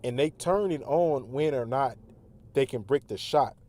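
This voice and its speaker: A man's voice: mid-range voice, measured pace, darkish tone. A man in a casual monologue, insistent and conspiratorial, talking slangy.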